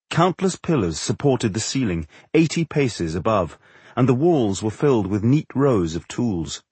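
Guy reading a fantasy audiobook, husky, steady, dry close sound. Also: mid-range voice, no room sound. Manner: measured, steady. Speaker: audiobook narrator.

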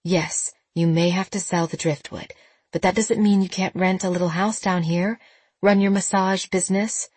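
A woman reading an audiobook, voicing a middle-aged mother who gently comforts her grown daughter, speaking softly and slowly. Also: on the low side, fairly even intonation, slightly rough, no room sound. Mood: soothing.

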